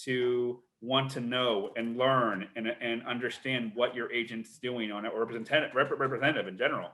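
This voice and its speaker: A man's voice: medium pitch, steady tone, fairly quick, sharp tone. A middle-aged man, a literary agent, answering questions in a live online Q&A in an earnest way, often repeating words as he thinks.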